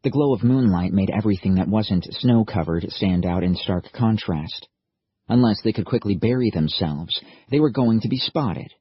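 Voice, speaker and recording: A man narrating an audiobook in a steady, measured storytelling manner. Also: lowish voice, slightly rough, no echo, muffled recording. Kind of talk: scripted narration.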